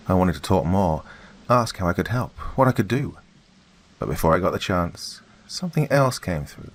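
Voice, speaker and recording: A man reading a first-person horror story in a steady, grave tone. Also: deep voice, moderate pace. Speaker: narrator. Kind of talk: scripted horror narration.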